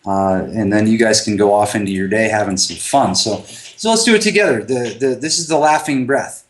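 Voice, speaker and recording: A man co-hosting a podcast in casual chat, animated and laughing often as he guides listeners through a laughter exercise. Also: fairly low pitch, fairly quick, slight background noise. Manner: animated, laughs often, retells scenes with raised voice. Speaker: podcast co-host.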